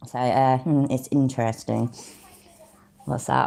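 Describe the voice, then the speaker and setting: A woman's voice: a bass voice, moderate pace, gravelly, a little mellow. A woman from Middle England, chatting casually on a live stream, easily amused and laughing often. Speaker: streamer reacting to videos and chat.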